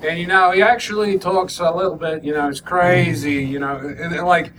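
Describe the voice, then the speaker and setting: A man's voice: a little high, fairly even intonation, normal speed. A man hosting a podcast, telling rambling anecdotes in casual chat and laughing often. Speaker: podcast host. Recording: distant mic with background noise.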